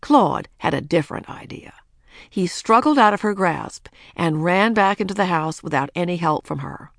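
A woman narrating a children's storybook in a lively, expressive way. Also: on the low side, moderate pace, creaky, no echo, clean studio sound. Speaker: audiobook narrator.

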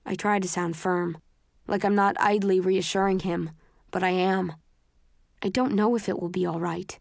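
A woman narrating a story in the first person, in a measured, tense, understated way, close to the mic. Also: mid-range voice, steady tone, vocal fry, no echo. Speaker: audiobook narrator.

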